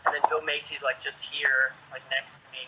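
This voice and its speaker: A man in his forties, an actor guest, telling chatty, lively anecdotes in a casual way. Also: medium pitch, a little fast, slight background noise. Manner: lively, chatty, acts out quotes. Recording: dull lo-fi sound.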